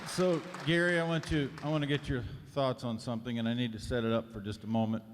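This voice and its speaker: A man's voice: medium pitch, steady tone, fast talker, some chatter behind, slight background noise. A man moderating a conference session, setting up a long question to the speaker in an earnest, emphatic way. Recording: reverberant conference hall.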